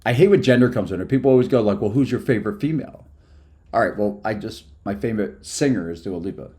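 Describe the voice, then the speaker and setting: A man's voice: lowish voice, animated, fast, warm tone. A man chatting casually on a live stream, hyper and rambling from topic to topic after no sleep. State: sleep-deprived.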